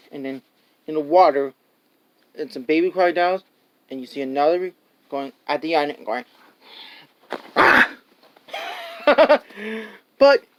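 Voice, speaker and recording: A man's voice: a little high, muffled recording. A man reviewing a movie in a casual, rambling way, with many fillers and restarts, laughing and acting out scenes. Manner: laughs often and acts out scenes.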